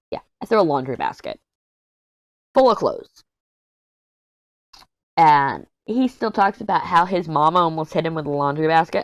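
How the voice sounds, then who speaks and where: A middle-aged diamond painting vlogger talks casually and bluntly into a headset mic while she crafts, telling candid stories packed with asides. Her voice is low and the recording is dry.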